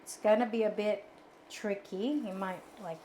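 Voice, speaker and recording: A woman's voice: medium pitch, fairly even intonation, moderate pace, mellow. A woman with an Australian accent cooking on a stream, joking and chatting with her co-host. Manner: playful, jokey. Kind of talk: casual chat while cooking. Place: small home kitchen. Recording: echoey kitchen with faint noise.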